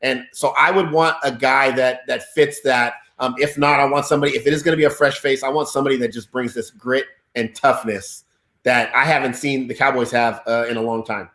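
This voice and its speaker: A man's voice: mid-range voice, fairly even intonation, a little fast, fairly bright tone, reverberant. A man giving earnest sports opinions in casual talk, often restarting his sentences. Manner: earnest, repeats himself. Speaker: sports podcast guest.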